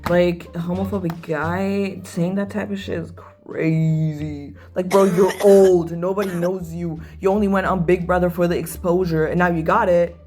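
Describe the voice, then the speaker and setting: A young woman talks through a makeup vlog in a fairly low voice, chatty and gossipy. She fills every gap with "like" and jumps into loud outbursts. Faint music plays underneath. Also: moderate pace, hardly any pauses. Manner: animated and gossipy, heavy use of "like", sudden loud bursts. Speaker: video creator. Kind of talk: casual chat vlog while doing makeup.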